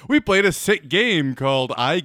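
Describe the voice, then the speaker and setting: A young man co-hosting a casual comedy podcast, wisecracking and quick to argue and laugh. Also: fairly high pitch, big pitch swings, a bit bright, no echo, clean studio sound. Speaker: podcast co-host.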